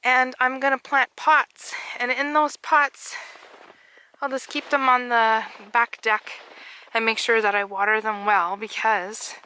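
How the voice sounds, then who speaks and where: Bright-voiced woman vlogging outdoors. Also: a little high, flat delivery, a little slow, a little hiss or hum, rough recording. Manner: rambling, jokey, laughs often. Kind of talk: casual chatty garden walkthrough. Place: outdoor backyard garden in winter.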